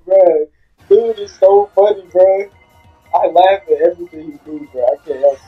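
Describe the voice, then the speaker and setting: A man's voice: sits high, normal speed, soft background music. A man reacting to a video, talking slangily and laughing often. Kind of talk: casual reaction commentary. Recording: dull lo-fi sound.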